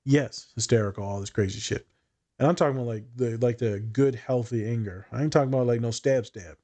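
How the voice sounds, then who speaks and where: Animated, cursing male therapist. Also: mid-range voice, fairly quick. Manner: animated, profane storytelling with quoted voices. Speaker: therapist and podcast host. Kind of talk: casual podcast chat.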